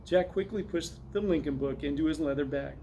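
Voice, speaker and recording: A man narrates a children's chapter book in a steady, clear read-aloud manner. His voice sits a little higher than most men's, with a faint room hum in the background. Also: fairly quick, poor audio. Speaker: reader.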